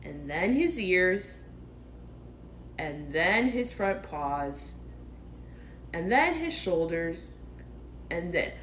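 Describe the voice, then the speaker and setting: Gentle, unhurried woman narrator for a children's audiobook. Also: fairly low pitch, sing-song, a little hiss or hum, poor audio. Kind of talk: storybook narration.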